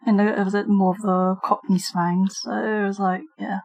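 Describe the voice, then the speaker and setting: A British woman chats at an unhurried pace on a livestream, her pitch sitting mid-range for a woman. She giggles often as she talks through her drawing work. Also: flat delivery, gravelly, darkish tone. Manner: giggly, talks while drawing and reading chat. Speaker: streamer and digital artist. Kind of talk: casual livestream chat.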